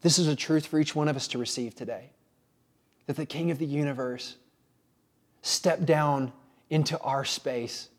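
Man, pastor, sermon, earnest, halting restarts, slightly high voice. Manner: earnest, with frequent pauses and restarts.

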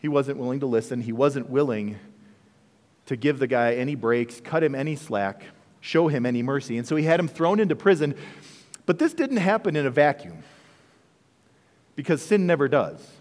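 A male pastor preaching a sermon, animated and full of rhetorical questions to the congregation. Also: medium pitch, moderate pace, long pauses. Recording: long reverb of a large hall.

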